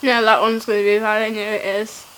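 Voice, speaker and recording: A woman's voice: medium pitch, flat delivery, fairly quick, fairly bright tone, a little hiss or hum, low-quality recording. A young woman vlogging in a casual, playful and giggly way, often laughing at herself. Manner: giggly, playful, self-mocking. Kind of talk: casual challenge vlog.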